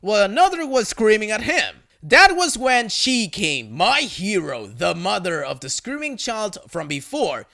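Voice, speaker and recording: A man narrating a reddit story in a scripted, read-aloud style, with sudden loud jumps on quoted lines. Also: high voice, gravelly.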